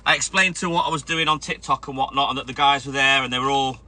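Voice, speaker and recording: A man's voice: medium pitch, fast. A middle-aged man on his milk round, chatting casually with live-stream viewers and greeting them by name. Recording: music playing loudly behind.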